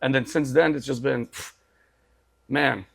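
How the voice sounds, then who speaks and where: A man's voice: mid-range voice, steady tone, measured pace, gravelly. A man in his forties telling his story as a podcast guest, emphatic and repetitive, saying "bro" and "dude" often. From Assyrian family. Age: 40s.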